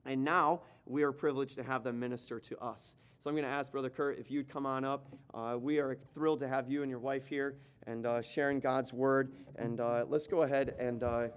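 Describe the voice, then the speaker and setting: A man, the pastor, introduces a guest speaker in church, joking and pausing often with fillers. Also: mid-range voice, fairly even intonation, smooth. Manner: joking, halting, many fillers. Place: church sanctuary.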